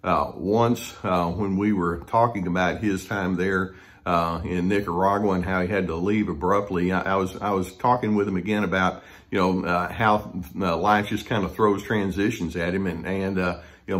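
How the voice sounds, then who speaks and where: Low-voiced man in his sixties. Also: fairly even intonation. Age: 60s. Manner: gentle, unhurried, frequent hesitations. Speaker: therapist. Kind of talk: reflective storytelling monologue.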